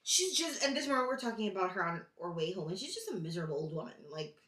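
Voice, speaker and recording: A woman's voice: medium pitch, fast talker. Woman in her twenties, casual vlog, exasperated storytelling, echoey room. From Jamaica. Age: 20s. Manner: animated, exasperated, quotes others in changed voices. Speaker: vlogger. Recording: roomy echo, voice from a distance.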